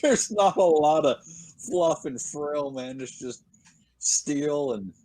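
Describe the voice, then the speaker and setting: A man's voice: a little high, expressive, takes it slowly, mellow. A man co-hosting a podcast in slangy, profane casual chat. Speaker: podcast co-host.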